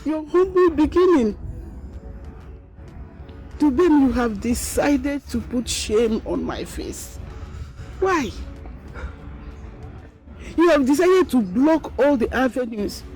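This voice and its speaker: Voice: high-pitched, expressive, takes it slowly, long pauses, a little mellow, full character voice. An actor playing a scolding parent in a Nollywood drama. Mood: reproachful. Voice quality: scolding, reproachful. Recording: music under the dialogue.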